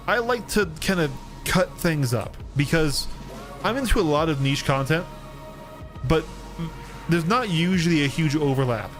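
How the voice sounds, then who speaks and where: A man's voice: on the high side, lively intonation, a little slow, fairly bright tone, soft background music. An American man streaming a game, chatting casually in a throaty, thick, slightly slurred voice with lots of restarts and self-deprecating asides. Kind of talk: casual chat while gaming. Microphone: studio microphone.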